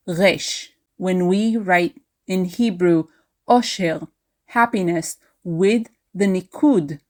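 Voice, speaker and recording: Slow, careful woman teaching Hebrew. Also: fairly low pitch. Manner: spells out pronunciations slowly and repeats words. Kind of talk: slow, careful language lesson.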